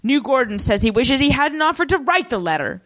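Woman co-host, wry and joking, higher voice with lively pitch; casual recap chat. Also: fairly quick. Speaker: podcast co-host recapping a TV episode.

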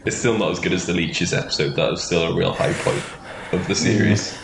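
A man's voice: sits low, brisk, vocal fry. A man co-hosting a podcast in casual comedic banter, rambling and laughing often. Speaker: podcast co-host. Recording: echoey room with background noise.

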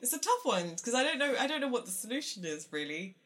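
A woman's voice: fairly high pitch, very animated, fast, a bit bright. A woman hosting a casual conversation, reflective and frank. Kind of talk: casual chat.

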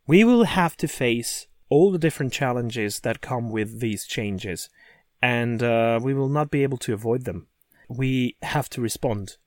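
A man's voice: mid-range voice, no room sound, clean studio sound. A man co-hosting a casual podcast chat, talking eagerly and often repeating words as he starts sentences. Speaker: podcast co-host.

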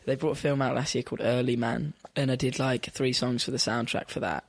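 A man's voice: medium pitch, flat delivery, fairly quick, vocal fry, no room sound. A young man, a musician guest in an interview, talking in a rambling, filler-heavy way with frequent laughs. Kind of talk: casual interview.

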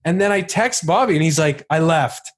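Animated laughing man telling a story. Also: high-pitched, brisk. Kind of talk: casual storytelling chat.

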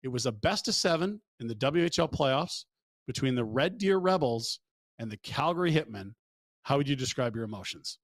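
A man's voice: mid-range voice, animated, moderate pace, no room sound. A man hosting a casual hockey talk show from a studio, brash and joking, swearing freely and laughing often. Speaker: sports radio host. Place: broadcast studio.

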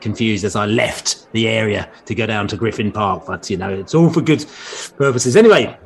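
A man's voice: on the low side, moderate pace, vocal fry. A man hosting a casual football fan podcast over a call, rambling and repeating himself as he talks. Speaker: podcast host. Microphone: remote call mic.

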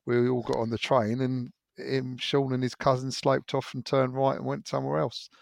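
A man telling a story on a podcast, haltingly, with many restarts. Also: mid-range voice, monotone, gravelly, no echo, studio quality. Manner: hesitant, halting. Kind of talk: casual storytelling.

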